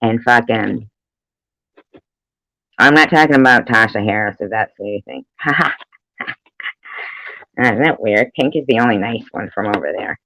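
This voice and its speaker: A woman's voice: rumbling low, a little slow, pauses often, a bit bright, dry recording, rough recording. A woman chatting casually on a live stream, rambling and swearing freely, laughing often between remarks. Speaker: livestreamer.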